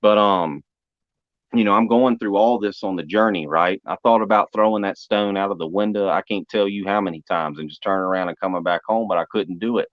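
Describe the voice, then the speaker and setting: A man's voice: low voice, fairly quick, no room sound. A man telling a story in casual, folksy talk, often calling the listener man or brother. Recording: dull muffled sound.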